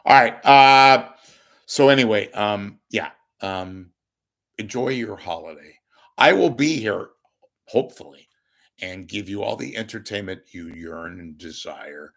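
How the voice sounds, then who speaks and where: A hoarse, congested man with a crackling voice, hosting his own show in a rambling comic monologue, joking at his own expense and swinging from loud to hushed. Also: fairly low pitch, animated, a little slow. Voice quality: gravelly, crackling. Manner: wisecracking, self-deprecating, swings from loud to hushed. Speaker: podcast host asking for donations.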